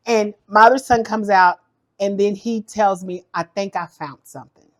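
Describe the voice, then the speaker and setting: A middle-aged woman, host of a cooking channel, tells in a lively vlog how her account got hacked, acting out the panic. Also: medium pitch, moderate pace. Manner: animated, acts out the panic in her story. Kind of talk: storytelling vlog.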